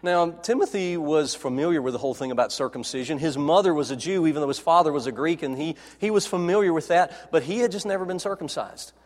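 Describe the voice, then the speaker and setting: High-voiced preacher in a reverberant hall. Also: male voice, fast talker, few pauses. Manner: dramatic, acts out quoted dialogue, drops to soft low tones. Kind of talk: sermon.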